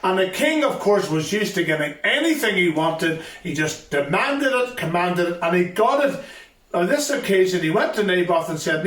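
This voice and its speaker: A man with a fairly high voice retells a Bible story to a school assembly, driving points home by repeating them. He stands far from the mic in a roomy, echoing hall. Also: very animated, moderate pace, fairly bright tone. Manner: storytelling, emphatic repetition. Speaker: youth ministry speaker.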